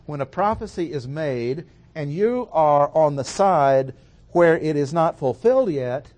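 Man teaching scripture, measured and emphatic. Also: a little high, a little mellow. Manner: measured, explanatory, stresses key words. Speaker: Bible teacher. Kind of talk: expository Bible lecture.

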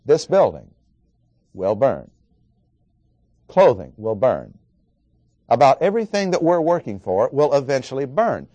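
A man preaching an expository sermon, working through verses and stressing key words with slow, dramatic pauses. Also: mid-range voice, big pitch swings, dark tone, no room sound.

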